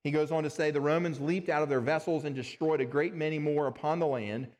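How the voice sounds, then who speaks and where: A man's voice: fairly high pitch, steady tone, fast, a little mellow. A man preaching a sermon in an earnest, plain-spoken way, sometimes stumbling over words and restarting them. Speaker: pastor. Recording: long reverb of a large hall.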